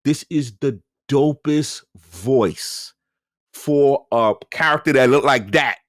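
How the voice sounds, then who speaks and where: A man's voice: medium pitch, takes it slowly, dry recording, studio quality. A man co-hosting a podcast, telling a gaming story in casual chat and acting out his own reactions. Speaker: podcast co-host.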